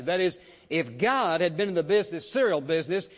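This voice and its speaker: Emphatic preacher in a reverberant hall. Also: male voice, sits high, lively intonation, fairly quick. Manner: emphatic, repetitive preaching cadence. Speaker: pastor. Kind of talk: sermon. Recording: muffled recording with long hall reverb.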